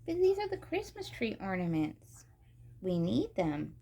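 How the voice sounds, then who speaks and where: A woman's voice: mid-range voice, huge pitch swings, measured pace, creaky, warm tone, exaggerated voice. Sentimental young girl, pleading and earnest, voiced by a woman reader.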